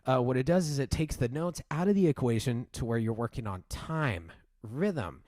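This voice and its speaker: A man's voice: mid-range voice, expressive, moderate pace, dry recording, studio quality. A man teaching piano, explaining a piece and counting the swing rhythm aloud as he plays. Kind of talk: piano tutorial. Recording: loud piano music behind. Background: piano playing.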